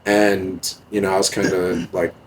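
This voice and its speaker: A young music producer appears as a podcast guest, telling stories in a laid-back, casual manner with frequent swearing and many fillers. His low-pitched voice is flat and a little slow, and the recording quality is low.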